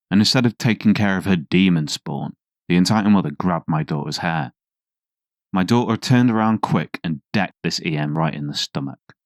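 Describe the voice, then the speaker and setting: A man reads reddit stories aloud in a scripted, conversational narration. His voice sits very low, and the recording is close and dry. He drops in sardonic asides along the way. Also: normal speed, no room sound.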